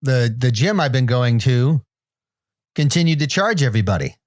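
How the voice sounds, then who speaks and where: A man co-hosting a comedy podcast talks in a flat, deadpan way and plays absurd claims completely straight. His voice sits in a middle range. He keeps the chat casual and unhurried. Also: medium pitch. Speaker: podcast co-host.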